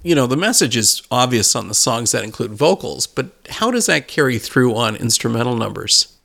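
A male interviewer asks short, conversational questions. His voice has a gravelly, creaky texture at a middle pitch. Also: very animated, moderate pace, bright, forceful tone. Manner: brief, conversational prompts.

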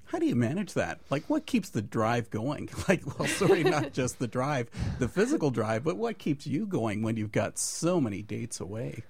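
A man hosting a casual radio studio interview, relaxed and chatty. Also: mid-range voice, normal speed, vocal fry, few pauses, husky, dry recording. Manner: relaxed, chatty, self-correcting. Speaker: radio show host.

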